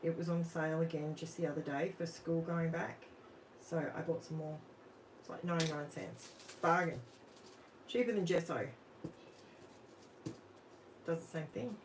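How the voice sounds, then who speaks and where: An Australian woman with a low voice hosts a live crafting stream from her home craft room, chatting casually, thinking aloud as she works and asking viewers questions. She speaks at a moderate pace with long pauses. She's recorded off-mic from a distance, with faint room noise and poor audio.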